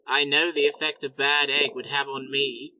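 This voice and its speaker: A man's voice: medium pitch, level tone, normal speed, pushed and bright, rough recording. A man voicing a wry, theatrical dungeon master in a fan audio drama. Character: wry old dungeon master, dry-humored.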